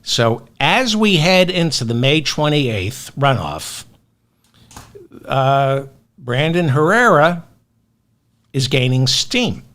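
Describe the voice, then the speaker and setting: A man hosting a solo news commentary show, talking in a sardonic, indignant way with long pauses between phrases. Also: medium pitch, big pitch swings, a bit bright. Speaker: political commentary host.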